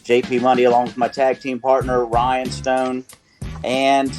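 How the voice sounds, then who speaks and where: Playful sports radio host, Carolina twang. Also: male voice, mid-range voice, steady tone, moderate pace, a little mellow, faint music behind. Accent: North Carolina. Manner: playful, rambling, self-correcting.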